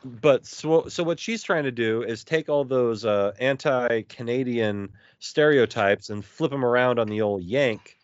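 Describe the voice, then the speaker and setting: A man co-hosting a podcast in casual chat, telling stories in a joking, animated way. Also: medium pitch, measured pace, dry recording, lo-fi sound. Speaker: podcast co-host.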